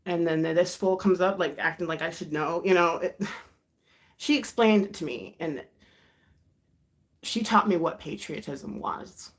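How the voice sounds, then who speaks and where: A woman's voice: on the low side, unhurried, pauses often. A woman in her thirties from the United States, hosting a rambling, confiding livestream chat. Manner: rambling, confiding, with sighs and soft laughs. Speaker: livestream host. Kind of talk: casual chat.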